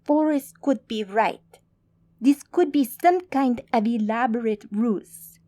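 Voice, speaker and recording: A woman's voice: on the high side, slow, mellow, dry recording. A woman narrator voicing a cautious female mage with a Russian accent, in an audiobook. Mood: wary.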